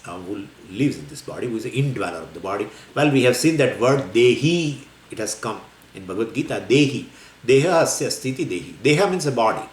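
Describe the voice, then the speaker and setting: A man giving a scripture lecture as a spiritual teacher, explaining in a lively, wandering way with many fillers and small laughs. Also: on the low side. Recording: echoey room with faint ambience.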